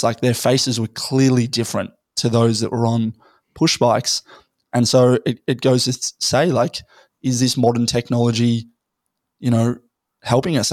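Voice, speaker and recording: A man, a little hoarse from losing his voice, rambling through a casual podcast conversation and thinking aloud with many fillers. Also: mid-range voice, flat delivery, normal speed, a little mellow, no room sound, studio quality. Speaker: podcast guest.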